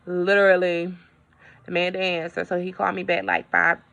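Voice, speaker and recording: A woman's voice: lowish voice, level tone, normal speed, vocal fry, fairly bright tone, clean tone, muffled recording. A woman vlogger in a casual update, telling a story in a chatty way and talking straight to her viewers.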